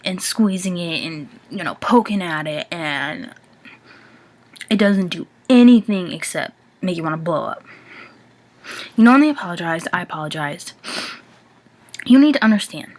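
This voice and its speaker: A young woman talking casually to the camera, confessing her feelings with many filler words and now and then dropping to a whisper. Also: lowish voice. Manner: chatty, many "like" fillers, drops to a whisper at times. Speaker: vlogger.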